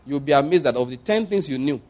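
A man with a fairly high voice delivers a conversational sermon. He repeats phrases for emphasis and moves between hushed, intimate stretches and louder, pressing ones. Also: lively intonation, fast. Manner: repeats phrases for emphasis, swings from soft to loud. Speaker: preacher.

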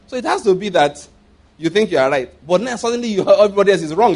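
A man's voice: high-pitched, expressive, quick pace, a little mellow. A man preaching a sermon as a story, repeating himself for emphasis, checking in with his listeners and chuckling along the way. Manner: chuckles often while telling.

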